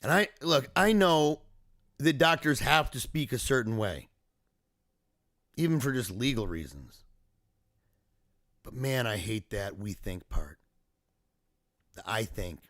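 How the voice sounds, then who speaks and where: Man in a video diary, reflective and earnest, medium pitch, dry and close. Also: big pitch swings, slow, pauses often, a bit bright, no room sound. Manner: earnest, emotional, reflective storytelling. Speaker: father recounting a family emergency. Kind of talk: personal video diary monologue.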